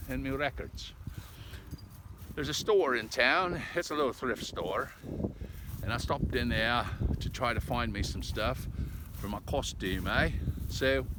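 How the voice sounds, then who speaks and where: An older man talking casually while walking his dogs outdoors on a country road, folksy and chatty, tagging "eh?" onto his lines and a little out of breath. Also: medium pitch. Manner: folksy, talkative, ends lines with "eh?". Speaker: vlogger. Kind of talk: casual rambling monologue. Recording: noisy outdoor recording. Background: dogs and rural outdoor sounds.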